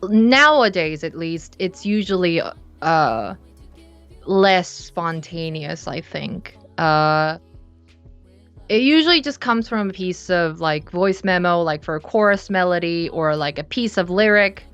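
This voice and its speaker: A young woman from South Korea, chatting casually in an interview, relaxed and rambling with many fillers and restarts. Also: fairly low pitch, a little slow, clean tone, dull audio, soft background music. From Seoul, South Korea. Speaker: musician guest. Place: her bedroom studio.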